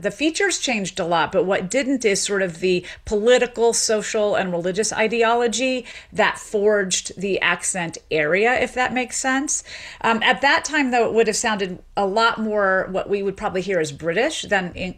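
A woman, a sociolinguist raised in Tennessee, giving long explanatory interview answers with frequent fillers. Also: mid-range voice. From Memphis, Tennessee. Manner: explanatory, lively, many fillers. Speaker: sociolinguist guest.

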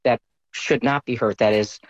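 A man speaking in a measured, earnest way in a news interview clip. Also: mid-range voice, steady tone, no room sound. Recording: slightly dull, lo-fi clip.

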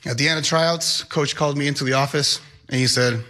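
Bright-voiced young man. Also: medium pitch, fairly even intonation, fairly quick, hardly any pauses. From Mexico. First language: Spanish. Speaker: high school Spanish teacher. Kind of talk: personal storytelling.

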